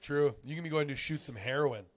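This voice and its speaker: A man co-hosting a casual podcast, relaxed and chiming in with quick follow-up questions. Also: fairly high pitch. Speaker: podcast co-host.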